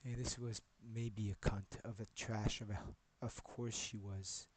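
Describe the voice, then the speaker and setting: A man's voice: fairly low pitch, flat delivery, unhurried, background noise. A man live-streaming, talking in a rambling way, swearing and jumping between topics as he goes.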